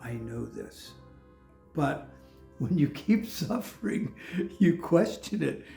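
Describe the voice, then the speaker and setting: Gravelly-voiced older man preaching casually. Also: a little high, very animated, slow pace, warm tone. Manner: candid, chatty, laughs often, many restarts. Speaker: pastor. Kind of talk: conversational sermon. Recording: echoey room with faint music.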